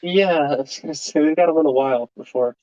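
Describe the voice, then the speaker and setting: A man with a slightly high voice and a dark tone talks fast as a guest on voice chat during a live reaction stream. He's easygoing, laughs a lot, and trips over repeated words. The voice chat audio is dull and lo-fi, with no room sound.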